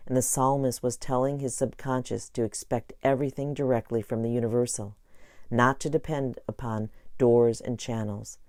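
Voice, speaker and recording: A man calmly narrating an inspirational self-help audiobook into a close mic. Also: mid-range voice, dry recording. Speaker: audiobook reader.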